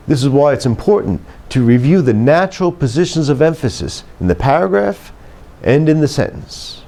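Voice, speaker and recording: A man who teaches writing, delivering a scripted lecture in a measured, emphatic way and dropping his pitch to close each point. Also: warm tone. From United States. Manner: measured, emphatic, drops pitch at phrase ends. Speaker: writing instructor.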